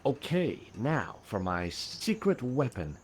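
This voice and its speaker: A man's voice: medium pitch, big pitch swings, takes it slowly, slight background noise. An actor playing a wry male adventurer who narrates his own exploits with dry sarcasm.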